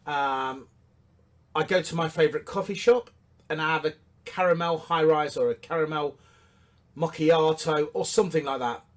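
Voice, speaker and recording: A man's voice: fairly high pitch, normal speed. A man giving a business coaching talk, emphatic and repetitive, asking rhetorical questions and hammering his points.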